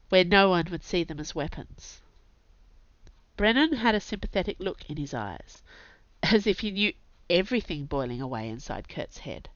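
A woman narrating a fantasy audiobook in a steady, measured way. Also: mid-range voice, dry recording. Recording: dull lo-fi dry recording.

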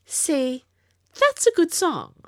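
A woman's voice: high voice, wildly swooping pitch, slow, darkish tone, dry recording, pitched above the performer's own voice, exaggerated voice. Viola, a wry, unflappable young woman, read by a woman. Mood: curious. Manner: dry, unflappable.

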